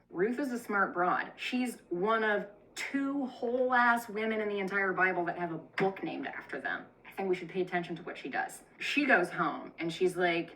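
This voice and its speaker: A woman's voice: fairly low pitch, expressive, normal speed, bright, forceful tone, poor audio. A woman telling a profane, irreverent comic retelling of a Bible story with chatty asides. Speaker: comedic storyteller.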